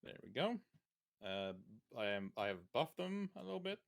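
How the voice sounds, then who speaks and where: A man narrating as game master for a tabletop game played over voice chat, casual and quick to swear. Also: mid-range voice, sing-song, vocal fry.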